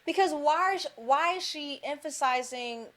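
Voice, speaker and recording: A woman's voice: high-pitched, lively intonation, measured pace, fairly bright tone. A woman co-hosting a casual podcast, giving her opinions in loose, filler-heavy talk. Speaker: podcast co-host. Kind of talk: casual group podcast chat.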